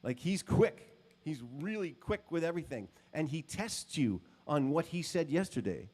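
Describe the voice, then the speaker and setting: A man's voice: on the high side, sing-song, normal speed, a little mellow. A man giving a guitar clinic in a music store, telling stories to a live audience in a casual, rambling way. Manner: casual and rambling, with many "um" and "you know". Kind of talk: storytelling talk to a live audience.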